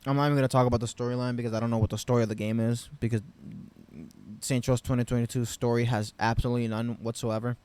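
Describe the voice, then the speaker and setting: Male vlogger, mid-pitched, ranting off the cuff about a game, profane and exasperated. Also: flat delivery, fast, clean tone. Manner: profane, rambling, frustrated ranting with loud bursts. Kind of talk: unscripted game review rant.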